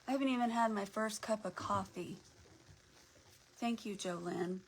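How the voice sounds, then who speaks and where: A woman's voice: medium pitch, moderate pace, a little hiss or hum, low-quality recording. A woman hosting a casual craft livestream, chatting and greeting viewers by name as she works, sometimes dropping to a near whisper.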